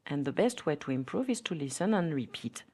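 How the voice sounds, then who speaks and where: A woman's voice: low-pitched, sing-song, brisk, a little mellow. A woman teaching French as a podcast lesson, reading example phrases aloud with a careful teaching delivery.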